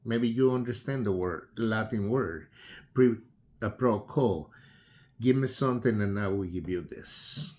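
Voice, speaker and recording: Slow-talking man. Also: lowish voice, a little mellow. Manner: unhurried, halting, with frequent fillers and restarts. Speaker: political commentator. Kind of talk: casual spoken commentary.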